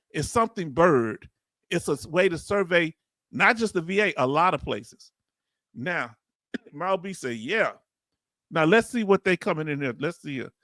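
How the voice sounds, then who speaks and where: This is a middle-aged American YouTube host whose voice sits high with a sharp edge. He chats casually on a live stream while reacting to a hearing, reading comments, joking and calling viewers family. The recording is dry and clean, studio-grade.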